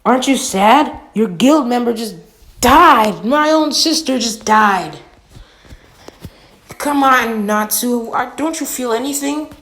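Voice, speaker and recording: A woman voicing a burly young man who pleads loudly in grief. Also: fairly high pitch, slow pace, voice pushed up. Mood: upset, pleading. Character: big burly young man, grieving and upset.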